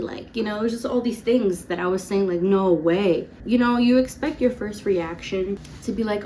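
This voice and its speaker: A woman in her twenties telling a personal story to camera in a casual storytime vlog, chatty and full of "like" and quick laughs. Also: medium pitch, a little mellow, a little hiss or hum. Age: 20s. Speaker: vlogger.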